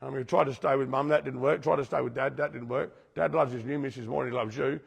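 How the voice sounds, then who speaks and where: Gravelly, husky man preaching in a hall. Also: medium pitch, fairly even intonation, fast. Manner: repetitive, questions the audience directly. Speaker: speaker teaching a recovery group. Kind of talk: preaching-style talk to a group. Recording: long hall reverb.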